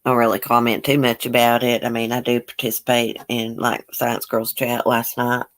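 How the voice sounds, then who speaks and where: Her very deep voice stays monotone at a normal pace as this woman, a YouTube livestream host with a broad Southern country accent, casually reads out viewer comments and replies. She is blunt and outspoken, curses readily, and talks in a folksy, drawling way.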